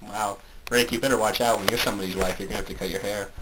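Male podcast guest, low voice, giggles through rambling crude bits, noisy line. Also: fairly even intonation, very fast. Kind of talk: casual comedy podcast chat.

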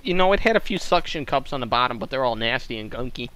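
A man's voice: medium pitch, lively intonation, fast talker, a bit bright, smooth, rough recording. A young man hosting a podcast over voice chat, joking crudely and rambling with many fillers, sounding like he has a cold. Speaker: podcast host. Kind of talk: casual voice chat. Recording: online voice chat with faint noise.

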